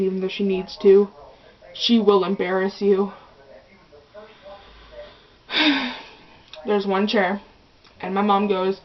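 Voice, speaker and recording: A woman's voice: medium pitch, highs cut off. A young teenage girl telling a rambling, chatty story for her vlog, often restarting her sentences. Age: early teens. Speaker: vlogger.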